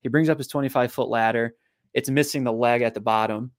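A man's voice: medium pitch, brisk, no room sound. Guy telling a long story on a podcast, lots of restarts and repeats, dry close mic. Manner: animated storyteller, frequent repeated words. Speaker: guest, physical therapist and author.

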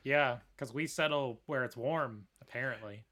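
A man co-hosts a casual history podcast and chips in with joking banter. His voice is bright and forceful, and it sits at a middle pitch. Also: normal speed. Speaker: podcast co-host.

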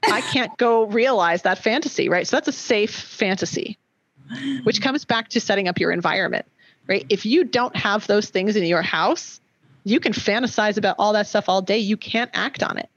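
A woman's voice: medium pitch, moderate pace, no echo, lo-fi sound. Chatty coaching woman, dry close sound. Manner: explanatory, says "right?" often. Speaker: podcast co-host, nutrition coach. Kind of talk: casual podcast chat.

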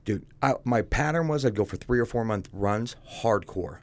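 A man's voice: lowish voice, lively intonation, moderate pace. A man telling his own story as a guest, speaking bluntly and casually and calling the host "dude".

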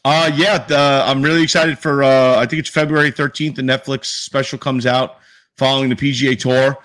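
A New York-area man co-hosts a sports podcast in a medium-pitched, fairly bright voice, talking a little fast with a flat delivery. He's casual and animated and swears freely.

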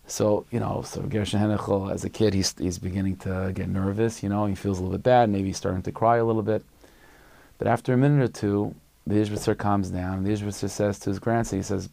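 A man, a rabbi, telling a story in a relaxed, conversational sermon with frequent fillers. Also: lowish voice, fast talker, vocal fry, no room sound.

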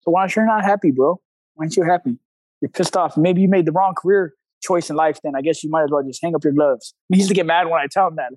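Male coach guest, high-pitched, blunt storyteller with slang, recorded dry and close. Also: quick pace, darkish tone, no room sound, poor audio. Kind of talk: casual interview talk.

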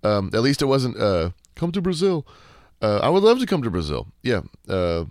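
A deep-voiced man talking through a casual solo podcast Q&A, easygoing and wry. He swears without a second thought and wanders through his answers with plenty of ums and restarts. The sound is close and dry, with no room around it. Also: wildly swooping pitch, a little fast, dry recording. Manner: laid-back, sarcastic, swears freely; rambling with many fillers and restarts. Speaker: podcast host.

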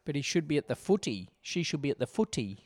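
A man's voice: on the high side, big pitch swings, fast talker, darkish tone, no room sound. A man chatting casually and making wry jokes while watching a movie with a friend. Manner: wry, joking asides. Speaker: movie commentator. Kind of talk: casual movie commentary chat.

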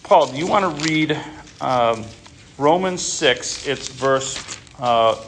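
A male Bible class teacher talking in an informal way to his class. His speech is halting, full of restarts and repeated words. His voice sits at a middling pitch for a man. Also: expressive, fairly bright tone, slight background noise.

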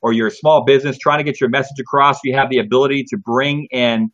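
A man's voice: medium pitch, fast talker. A man hosting a live streaming show in casual, joking chat. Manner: jokey, lively, self-mocking. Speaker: livestream show host. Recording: dull lo-fi stream audio.

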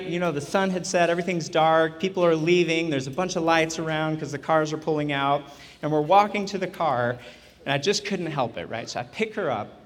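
A man in his thirties telling a funny, self-deprecating story during a sermon, often chuckling. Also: fairly high pitch. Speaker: chaplain preaching at a church retreat. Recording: echoey hall sound.

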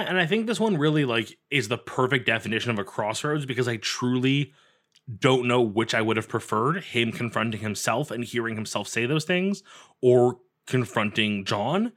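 A man co-hosting a podcast, talking in an enthusiastic, animated way with lots of "like". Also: mid-range voice, moderate pace. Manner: animated, enthusiastic, says "like" often. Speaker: podcast co-host. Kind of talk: casual podcast discussion.

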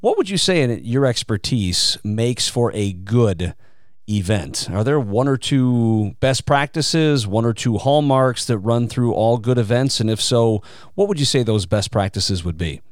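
A man's voice: mid-range voice, lively intonation, unhurried, no echo, clean studio sound. A man hosting an interview, asking questions in a joking, friendly way. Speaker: podcast host. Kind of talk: casual interview.

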